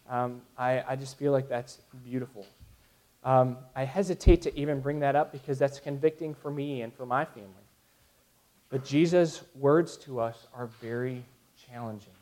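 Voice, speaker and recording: A man in his thirties preaching a sermon to his congregation, earnest, with frequent restarts. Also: mid-range voice. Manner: earnest, with restarts and soft laughs. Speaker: pastor.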